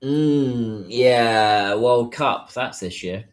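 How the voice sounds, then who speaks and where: A man's voice: medium pitch, extremely slow. A man chatting casually on a livestream while he waits in a taxi queue, musing aloud and answering viewers' comments. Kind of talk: casual live-stream chat.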